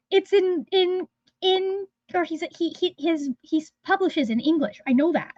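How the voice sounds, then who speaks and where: A high-pitched woman chats casually as a livestream host, rambling and restarting her sentences as she goes. Her voice is dry and close, with a slightly dull, lo-fi sound. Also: moderate pace, a little mellow, no room sound. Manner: rambling, chatty, trails off mid-sentence. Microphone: phone.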